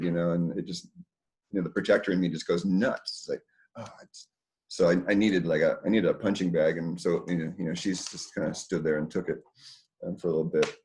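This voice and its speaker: A man's voice: deep voice, darkish tone, dull audio. A man hosting a community dinner talk, rambling loosely to a small group indoors with lots of fillers and casual swearing.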